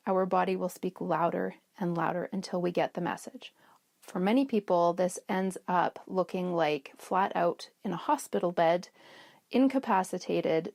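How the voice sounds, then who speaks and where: Brief: middle-aged woman, podcast host, conversational storyteller, slight vocal fry, dry close sound. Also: medium pitch, a little mellow, dry recording. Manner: chatty, storytelling, restarts mid-sentence. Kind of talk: casual self-care talk.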